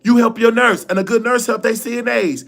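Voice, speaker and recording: A man hosting a live stream show, telling a personal story in an animated, colloquial and emotional way. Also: very high voice, a little fast, creaky. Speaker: livestream show host.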